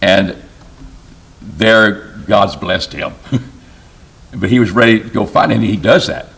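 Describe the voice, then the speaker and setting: A man teaching a Bible lesson in church in a slow, emphatic way, often asking the class questions. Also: fairly low pitch, creaky, fairly bright tone. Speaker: preacher.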